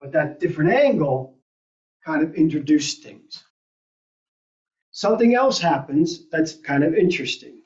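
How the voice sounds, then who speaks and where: A woman's voice: low voice, expressive, unhurried, pauses often, a little mellow. A woman teaching an adult Sunday school class, asking the group questions and thinking aloud as she goes. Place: church classroom. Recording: roomy, distant and dull.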